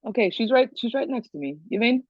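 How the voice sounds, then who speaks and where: A woman playing a tabletop game, speaking gently and searchingly with frequent restarts. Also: a little high, expressive, quick pace, no echo, highs cut off. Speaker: player. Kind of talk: casual tabletop play.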